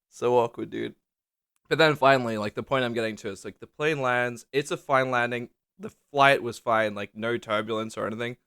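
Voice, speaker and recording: A man's voice: mid-range voice, steady tone, a little fast, fairly bright tone, clean tone, no room sound, clean studio sound. A young man telling rambling, swear-laden travel stories to camera in a casual vlog, leaning hard on "like". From Australia. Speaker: vlogger. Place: small indoor room under a lamp.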